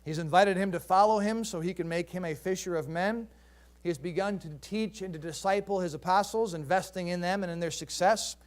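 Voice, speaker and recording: A man's voice: sits high, brisk. A male pastor preaching a sermon in a conversational way, asking the congregation rhetorical questions.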